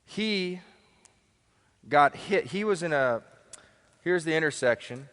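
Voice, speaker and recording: A man's voice: on the high side, expressive, slow, fairly bright tone, clean tone. A man giving a live motivational seminar talk, emphatic, repeating key phrases and putting questions to the audience. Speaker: motivational speaker. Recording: long hall reverb.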